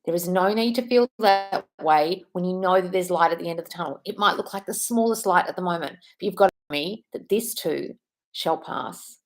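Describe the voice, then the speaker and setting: A British woman with a somewhat low voice speaks to her live audience. She is earnest and affectionate and keeps calling her viewers darling. She sounds like a coach reassuring people one by one. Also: normal speed. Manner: affectionate, calls listeners darling, earnest and emphatic. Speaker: manifestation coach hosting a live stream. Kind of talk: live stream Q&A, reading and answering chat.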